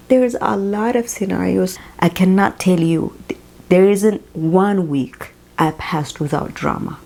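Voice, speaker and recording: Young non-native woman, vlogger, low gravelly voice, tearful and halting. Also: darkish tone, low-quality recording. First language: not English. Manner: emotional, tearful, halting, with sighs. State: crying at times. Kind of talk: personal chat vlog.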